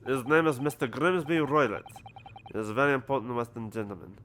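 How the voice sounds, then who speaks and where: A man voicing a gruff, self-important male sailor with a mock Russian accent and blunt broken English. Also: moderate pace, fairly bright tone, lightly acted. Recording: low background noise.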